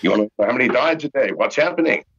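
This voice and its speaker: Husky older man ranting, lively pitch. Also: rapid-fire. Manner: profane, exasperated ranting with sarcastic jokes. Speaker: podcast guest. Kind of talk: ranting call-in interview. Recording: muffled lo-fi remote line.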